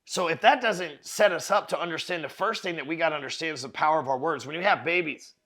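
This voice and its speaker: A man's voice: a little high, fast talker, pushed and bright. A man hosting a podcast, giving a blunt, profane motivational monologue that circles back on its points. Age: adult parent of four. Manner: emphatic, profane, repeats words while building a point. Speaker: podcast host.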